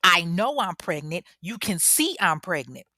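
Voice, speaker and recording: A woman's voice: lowish voice, very animated, measured pace, bright, forceful tone, dry recording, studio quality, exaggerated voice. A woman voicing a frantic, defiant young pregnant woman who insists she is pregnant. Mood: angry. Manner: insistent, disbelieving outbursts.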